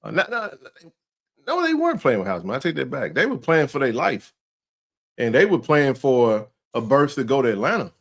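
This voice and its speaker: Animated man talking sports. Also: medium pitch. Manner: animated, repeats and restarts, colloquial. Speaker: co-host. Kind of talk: casual sports talk.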